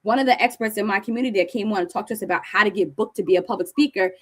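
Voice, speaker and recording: Fast-talking high-energy woman presenter. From New Jersey. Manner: high-energy, animated storytelling. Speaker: speaker presenting to an audience. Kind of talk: conference presentation.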